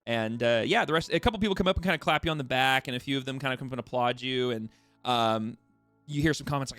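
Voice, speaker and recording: A man narrating as game master, halting and full of fillers. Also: medium pitch, expressive, a bit bright, no echo, soft background music.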